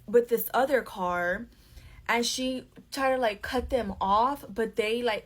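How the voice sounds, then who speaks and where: A woman's voice: on the high side, fairly bright tone. A young woman telling a casual storytime to a phone camera, blunt and profane with constant "like" fillers.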